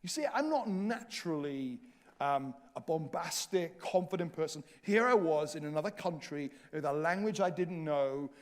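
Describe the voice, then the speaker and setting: A man preaching in a church, telling a self-mocking travel story with lively humor. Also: fairly high pitch, moderate pace. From Wales. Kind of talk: storytelling sermon. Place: church hall.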